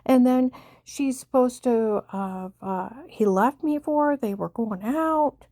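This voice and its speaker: An older woman talks in a long, rambling monologue and keeps stacking up "I said" as she retells conversations. Her voice sits a little high yet sounds dark and mellow. The sound is dry and close, with no room around it. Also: slow pace, hardly any pauses, no room sound. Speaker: vlogger telling a personal story.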